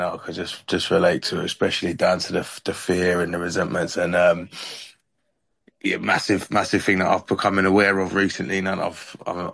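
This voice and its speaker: A man with a low, gravelly voice speaks at a recovery meeting on a video call. His tone is flat, reflective and hesitant, with frequent ums. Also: no room sound. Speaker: meeting member.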